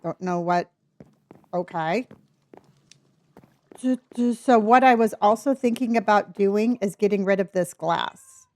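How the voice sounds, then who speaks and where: A woman's voice: mid-range voice, unhurried, long pauses, darkish tone. An older woman streaming a building game, chatting with her viewers and thinking aloud as she works. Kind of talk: casual live-stream chat while building.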